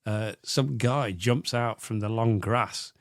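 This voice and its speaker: A man's voice: fairly low pitch, slow, no echo, clean studio sound. A man co-hosting a comedy film podcast, laughing often and acting out scenes in silly voices. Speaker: podcast co-host. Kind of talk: casual comedic film chat.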